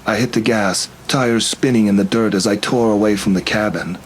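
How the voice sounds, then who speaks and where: A man tells a first-person horror story in a steady, tense way. His voice sits fairly low, and a faint hum lies under the recording. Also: normal speed, poor audio. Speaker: narrator.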